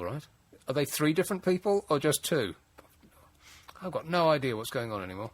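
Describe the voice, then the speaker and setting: Male phone-in host, a little high-pitched, dry and exasperated, talks in rambling asides. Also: fairly bright tone, no echo. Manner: wry, exasperated, rambling with restarts. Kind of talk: late-night radio phone-in chat. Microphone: studio mic.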